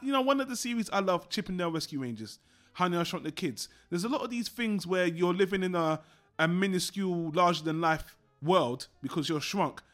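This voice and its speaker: A man's voice: high-pitched, expressive, brisk, a bit bright, soft background music. A man co-hosting a podcast, talking about films and cartoons he loves in an enthusiastic, nostalgic way. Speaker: podcast co-host. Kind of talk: casual film discussion.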